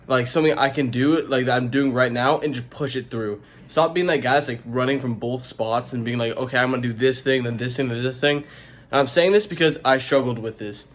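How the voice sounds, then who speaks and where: Young male YouTuber, casual motivational vlog, rambling and filler-heavy delivery. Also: medium pitch. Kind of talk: casual self-help vlog.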